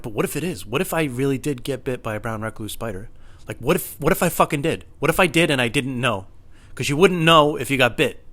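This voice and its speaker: Young guy ranting a funny story super fast, bright edgy voice, swears a lot. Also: on the high side. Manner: anxious, rambling, swearing, builds to shouting. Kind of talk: comedic storytelling monologue.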